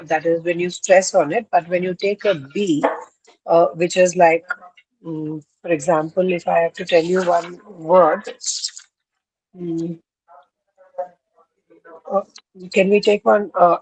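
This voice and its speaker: A woman's voice: on the low side, a little mellow, slightly rough, no room sound, rough recording. A woman student answering her teacher politely and hesitantly, calling him sir and searching for words. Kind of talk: classroom answer.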